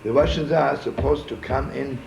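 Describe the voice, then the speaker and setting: Rabbi storyteller, gravelly and rambling, with Yiddish asides; muffled, echoey archival room tape. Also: male voice, medium pitch, fairly quick, a little mellow, slight background noise. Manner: folksy, digressive, with frequent "right?" asides; sprinkles Yiddish words. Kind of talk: informal storytelling talk.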